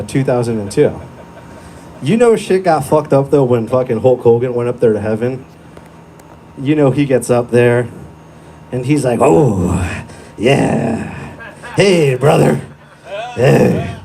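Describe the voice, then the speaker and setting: A man's voice: mid-range voice, expressive, moderate pace, dark tone, slight background noise. A young man doing a crude, profane stand-up set in a small comedy club, telling stories in a laid-back way into a handheld mic.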